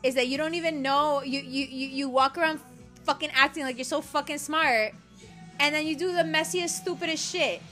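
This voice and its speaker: A woman acts out a furious voice-note rant at a cheating lover, cursing constantly in a cutting, sarcastic way. Her voice is bright, forceful, and a little high, at normal speed, with soft music playing behind her.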